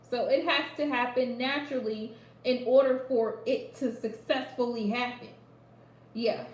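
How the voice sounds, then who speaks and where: A woman giving a live psychic reading, speaking straight to the listener and repeating phrases for emphasis. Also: sits high. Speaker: psychic reader. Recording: echoey room.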